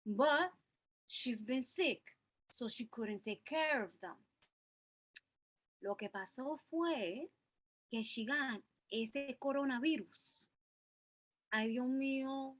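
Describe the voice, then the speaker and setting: Actress playing a young mother, high bright voice, slow, confessional, Spanish words mixed in. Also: full character voice, rough recording. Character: young working mother, Cristela, holding back tears. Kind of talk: stage monologue acting.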